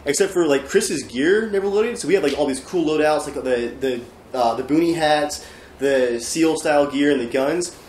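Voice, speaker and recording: A man's voice: on the high side, normal speed, darkish tone. Laid-back guy reading comments. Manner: laid-back, filler-heavy telling. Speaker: podcast co-host. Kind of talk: casual chat. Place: room with friends. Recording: roomy room, faint noise.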